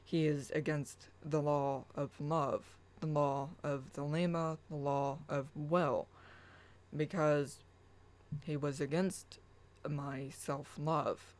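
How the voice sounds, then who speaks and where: A spiritual channel host talking slowly and earnestly, mixing a casual rant with reading aloud their own writing in a chant-like way. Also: medium pitch, fairly even intonation, darkish tone, low-quality recording. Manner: slow, earnest, chant-like affirmations.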